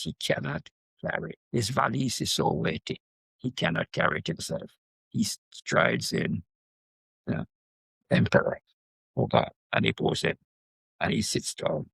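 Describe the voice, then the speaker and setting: An older man from Jamaica talks with a gravelly, husky voice that sits a touch high. He tells stories in an animated way, tossing in quick asides to his listener. The sound is close and dry, with no room around it. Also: no room sound. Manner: animated storyteller with repeated asides like "right?". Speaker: guest professor. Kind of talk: conversational interview.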